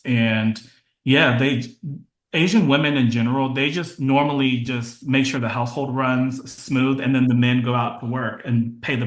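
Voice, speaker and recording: A man talks openly as a podcast guest, his thoughts coming in short restarting bursts with fillers. His voice sits at a middle pitch. The room around him sounds echoey. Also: fairly bright tone. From United States. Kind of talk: casual interview conversation.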